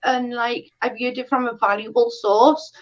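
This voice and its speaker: A woman's voice: a little high, fairly even intonation, moderate pace. A woman hosting a casual commentary stream, exasperated and emphatic, repeating her points. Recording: dull lo-fi stream audio.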